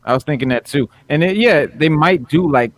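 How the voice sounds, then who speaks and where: A man's voice: on the high side, animated, normal speed. A man hosting a podcast in casual chat, rambling along with lots of "like" and "you know.". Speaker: podcast host.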